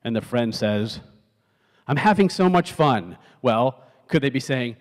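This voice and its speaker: A man's voice: medium pitch, expressive, moderate pace. A middle-aged man giving a conversational talk on stage to a youth audience, asking the crowd questions and acting out text messages in different tones. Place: large auditorium. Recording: long hall reverb from the auditorium.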